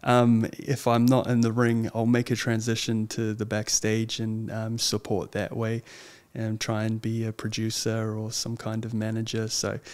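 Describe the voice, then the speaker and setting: A young man, a guest chatting casually in an interview, earnest and hesitant, often pausing with ums. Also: lowish voice, completely flat delivery, a little mellow, clear, resonant tone. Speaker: guest, lawyer and wrestler.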